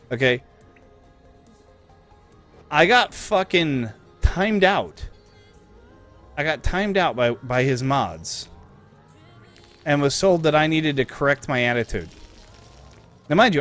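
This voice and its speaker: A young man streaming live, ranting and telling stories in a casual, profane, animated way. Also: medium pitch.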